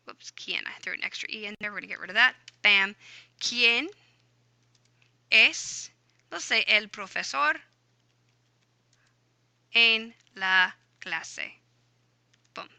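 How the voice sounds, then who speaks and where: A woman's voice: mid-range voice, takes it slowly, gravelly, long pauses, pushed and bright, no echo, low-quality recording. A woman teaching a grammar lesson over a screen recording, upbeat and chatty, talking through each step aloud. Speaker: Spanish teacher.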